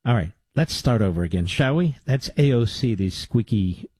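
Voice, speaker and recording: A man's voice: medium pitch, animated, moderate pace, darkish tone, husky, no room sound. A man hosting a political talk radio show, combative and sarcastic, with mocking asides to his producer. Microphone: studio microphone.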